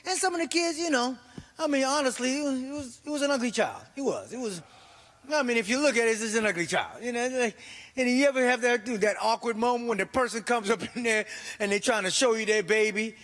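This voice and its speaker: Middle-aged male stand-up comic, high pitched and animated, performing in a reverberant hall. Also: fast talker. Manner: animated, exclaiming, acting out voices. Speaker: stand-up comedian. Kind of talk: stand-up comedy set. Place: church comedy stage.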